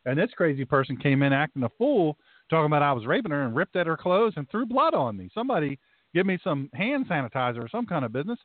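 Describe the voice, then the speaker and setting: Male talk host, rambling and emphatic; slightly high, dry and close, phone-thin sound. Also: very animated, quick pace, dry recording. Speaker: talk show host and pastor. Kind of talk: talk radio chat. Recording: tinny phone-like line, dry.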